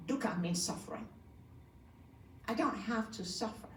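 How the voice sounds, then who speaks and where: A woman's voice: fairly high pitch, moderate pace, slight background noise. A woman yoga teacher giving a conversational talk to a group, often asking them questions. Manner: conversational, asks the audience questions. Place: community room. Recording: echoey room from a distant mic.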